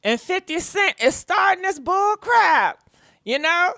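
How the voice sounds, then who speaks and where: Sassy high-voiced woman gossip host. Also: lively intonation, slow, bright, forceful tone, no echo, clean studio sound. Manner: sassy, laughing, talks back at celebrities. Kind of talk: casual live gossip commentary.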